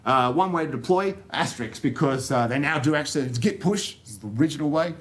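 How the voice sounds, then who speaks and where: A man's voice: on the high side, lively intonation, fast. An Australian man giving a technical talk to an audience, joking and rambling with plenty of fillers and restarts. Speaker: conference speaker. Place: conference room.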